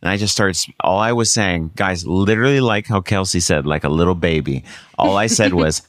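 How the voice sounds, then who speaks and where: A man's voice: sits low, brisk, dry recording, clean studio sound. A male pastor, a guest on the show, telling his testimony in a rambling, conversational way with lots of fillers. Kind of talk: storytelling testimony in casual chat.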